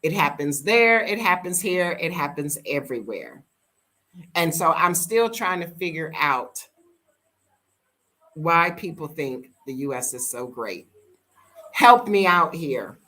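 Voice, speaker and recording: A lower-pitched American woman in her fifties vents in a casual vlog story. She is blunt and emphatic, leaning on repeated words to drive her point home. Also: expressive, slow pace, long pauses, pushed and bright. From United States. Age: 50s. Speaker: vlogger living abroad.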